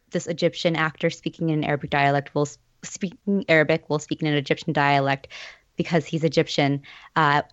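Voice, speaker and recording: A woman's voice: low voice, no room sound, dull audio. A woman taking part in a casual podcast discussion, speaking thoughtfully with some fillers.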